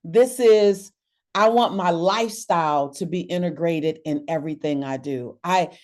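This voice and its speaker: A woman hosting a wellness webinar over a video call, talking to her audience in an expressive, preacher-like cadence that rises with emphasis. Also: lowish voice, a little slow. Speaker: webinar host. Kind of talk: motivational webinar talk.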